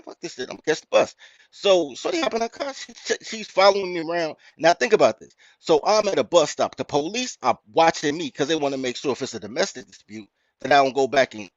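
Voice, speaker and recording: A man with a Chicago accent, hosting a podcast and telling a story in a blunt, profane, animated rant. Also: a little high, no room sound. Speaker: podcast host. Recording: dry, muffled lo-fi audio.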